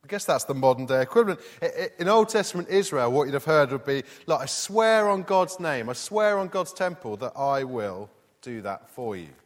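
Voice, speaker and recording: A man's voice: mid-range voice, expressive, normal speed. A man preaching a sermon in a conversational way, reading scripture aloud and asking the congregation questions. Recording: long hall reverb.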